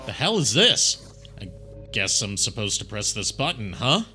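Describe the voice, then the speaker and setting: A man's voice: on the low side, sing-song, normal speed, pushed and bright, soft background music. Joking male game streamer. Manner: joking, laughs easily. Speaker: streamer playing a game with friends. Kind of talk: casual chat over gameplay.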